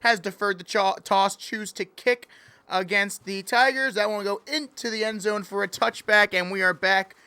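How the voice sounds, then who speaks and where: A man's voice: high voice, steady tone, normal speed, sharp tone, smooth, no echo. A man calling play-by-play in a joking mock sports broadcast, playful and easily sidetracked. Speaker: play-by-play commentator.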